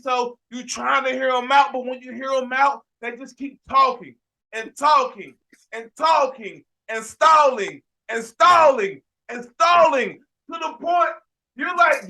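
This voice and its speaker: A man hosting a casual sports podcast, telling an animated, ranting story with frequent restarts and shouted emphasis. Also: extremely high pitch, unhurried, vocal fry. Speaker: podcast host.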